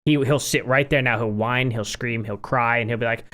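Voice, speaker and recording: Speaking at normal speed with a medium-pitched voice, this podcast co-host keeps the casual chat lively. As he tells his stories, he chattily performs small quoted lines.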